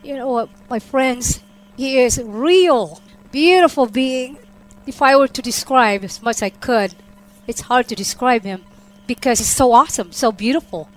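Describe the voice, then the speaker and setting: Animated woman telling her story. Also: on the high side, a little slow, rough recording. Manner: animated storytelling, acting out her own quoted lines; drops to a soft hush when describing the vision. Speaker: testimony speaker. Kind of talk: personal testimony to an audience.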